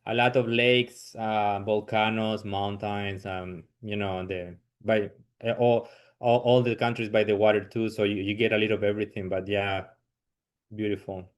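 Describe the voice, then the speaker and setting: A man's voice: on the low side, little pitch movement, moderate pace. Easygoing Chilean man chatting. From southern Chile. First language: Spanish. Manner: easygoing, laughs readily, loose and informal. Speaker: guest comedian. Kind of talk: casual podcast chat.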